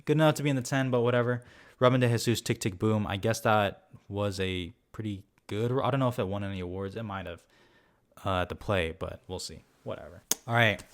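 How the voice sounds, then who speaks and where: A young man giving a casual, animated rundown of his film award predictions, swearing now and then and joking at his own expense. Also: fairly low pitch, brisk. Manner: casual, animated, swears, self-mocking asides. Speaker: film vlogger.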